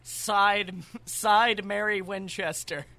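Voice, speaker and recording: Male podcast co-host, high and very bright voice, reads horror bits for laughs. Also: steady tone, drawn-out words. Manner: laughs often, jokey asides. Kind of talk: comedic reading of horror stories.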